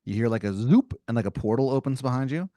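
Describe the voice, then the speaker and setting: A man's voice: medium pitch, lively intonation, fast talker, warm tone, no room sound. A man hosting a comedy podcast, improvising a story with a playful, rambling, filler-heavy delivery on a close mic.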